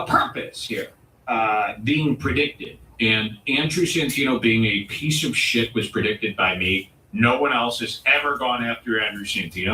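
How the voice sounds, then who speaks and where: Bright-voiced man ranting in an echoey room. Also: medium pitch, a little hiss or hum. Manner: provocative, mock-serious ranting with dramatic pauses. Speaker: comedy show host. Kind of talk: comedic rant. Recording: roomy echo, distant mic.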